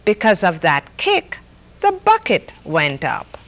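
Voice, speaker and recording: A middle-aged woman hosts a story hour, reading picture books aloud with playful, bouncy delivery. Her pitch swings widely and she keeps an unhurried pace. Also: rough recording. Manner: lively, playful read-aloud with sound effects.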